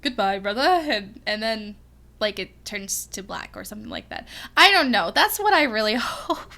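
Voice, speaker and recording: A young woman reacting to a series as a fan, rambling excitedly with lots of giggles and restarts. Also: mid-range voice, moderate pace, vocal fry. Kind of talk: casual rambling reaction vlog.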